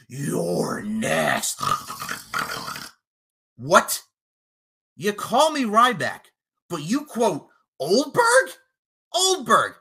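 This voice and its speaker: A man cutting a boastful, profane wrestling trash-talk promo, taunting his opponent and breaking into shouted lines. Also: high-pitched, husky. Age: adult, podcasting eight years. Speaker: podcast promo contestant.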